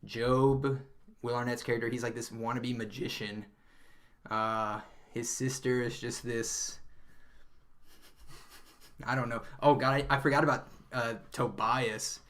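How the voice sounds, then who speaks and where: A man's voice: medium pitch, measured pace, pauses often. Chatty male podcast co-host. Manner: rambling, animated retelling with frequent laughs and fillers. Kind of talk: casual chat.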